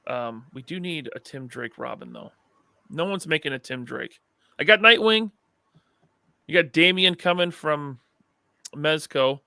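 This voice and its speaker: A man's voice: a little high, unhurried, creaky, pauses often, bright, forceful tone, dry recording. A man co-hosting a podcast in casual chat, enthusiastic and chatty. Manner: enthusiastic, chatty, laughs often. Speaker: podcast co-host.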